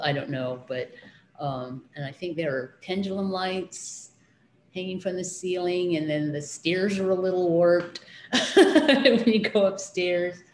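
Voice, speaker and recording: A middle-aged woman with a low voice talks through her memories in a relaxed interview. She hesitates often, filling pauses with ums and starting over. Her voice rings in an echoey room with faint noise behind it. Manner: hesitant, many fillers and restarts. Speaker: interviewee, children's librarian. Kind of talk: casual interview recollection.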